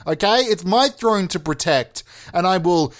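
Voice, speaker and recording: A man's voice: high-pitched, lively intonation, unhurried. A man giving a rambling, self-mocking comic monologue as a pretend politician. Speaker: comedic mock politician. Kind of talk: comedic monologue.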